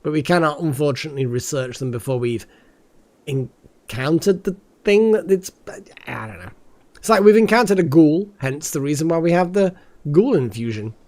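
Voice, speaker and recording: A tired, yawning streamer chats casually while commenting on the game he's playing, rambling and repeating words. His voice is a little high, expressive and slightly mellow, at a normal speed.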